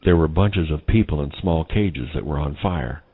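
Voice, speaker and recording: A man's voice: extremely low pitch, animated, normal speed, breathy edge, narrow, tinny audio. A man solemnly recounting a vision as a personal testimony. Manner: solemn, grave retelling of a vision. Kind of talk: testimony narration.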